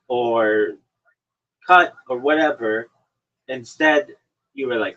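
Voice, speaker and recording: A man hosts a podcast over an online call, casually chatting and teasing his guest with mock lectures. His medium-pitched voice is pushed and bright, and he speaks slowly with long pauses, all through dull lo-fi stream audio.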